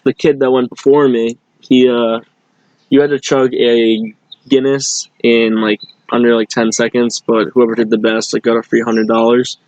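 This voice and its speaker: Flat-voiced young man telling a story. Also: medium pitch, moderate pace, dull audio. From Boston area. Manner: rambling, many fillers and restarts. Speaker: guest. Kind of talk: casual storytelling.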